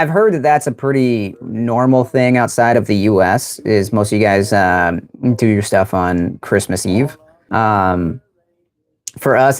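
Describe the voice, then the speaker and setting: A young man from the United States hosting a livestream, telling stories casually, rambling with many fillers and laughing often. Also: on the low side. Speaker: livestream host.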